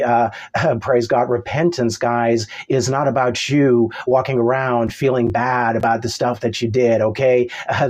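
A man's voice: medium pitch, darkish tone. Emphatic man preaching a sermon. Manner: emphatic, repeats key phrases, calls out "glory to God".

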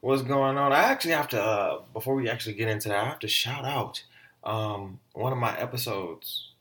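A man hosting a casual solo podcast, talking in an animated, slangy way with plenty of swearing. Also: mid-range voice, fairly quick. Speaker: podcast host.

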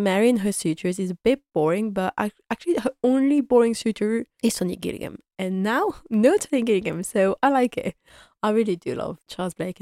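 A woman's voice: medium pitch, a little mellow, no echo, studio quality. Chatty young woman recapping an episode. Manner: chatty and enthusiastic, laughs often, many "like" fillers. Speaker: fan reviewer of a TV series.

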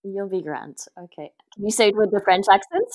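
A woman hosting a casual interview, asking relaxed questions and laughing along with her guest. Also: medium pitch, fairly quick.

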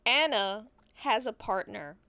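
A woman's voice: medium pitch, lively intonation, slow pace, pushed and bright, clean tone. A woman co-hosting a podcast in casual chat, retelling a film's plot in a slangy, profane, rambling way with frequent self-corrections. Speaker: podcast co-host recapping a film.

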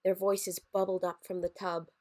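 A woman's voice: lowish voice, flat delivery, moderate pace, warm tone. Woman reading a story aloud. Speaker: story narrator.

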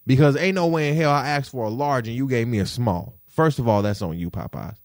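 A young man venting to the camera in a vlog, indignant and profane, repeating himself and swinging between low grumbles and sharp high outbursts. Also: fairly quick, dry recording, studio quality. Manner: indignant, profane, repetitive rant with big pitch swings.

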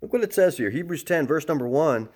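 A pastor in middle age preaches with a voice pitched a little above the usual for a man. He swings from loud, lively emphasis to quiet, calming delivery. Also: quick pace. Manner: animated preaching that swings from loud emphasis to soft, calm talk. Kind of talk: sermon.

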